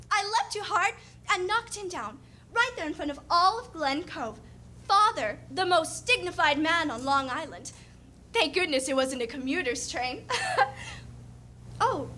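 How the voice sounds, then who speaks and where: Here a woman plays an eager young woman back from Paris, gushing over everyone in a stage monologue. The voice sits very high and bright, and it spills over with chatter. A faint hiss of noise lies under it. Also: full character voice.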